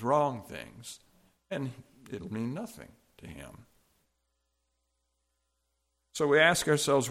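A male preacher working through scripture in a sermon. His delivery rises to loud, emphatic high points and drops to hushed, low asides. His voice sits at an ordinary middle pitch. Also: gravelly. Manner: expository preaching with wide swings between loud emphatic peaks and quiet asides.

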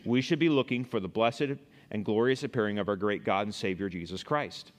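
A man's voice: on the low side, a little fast, long reverb tail. A man preaching a sermon as a pastor, reading Bible verses and giving everyday examples.

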